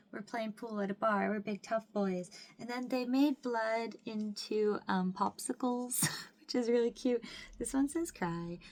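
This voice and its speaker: A young woman from Mississippi chatting through an excited unboxing, gushing, laughing often and filling with "like". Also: mid-range voice, vocal fry. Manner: gushing, squeals and laughs often, says "like" a lot. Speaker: vlogger. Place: home room with window.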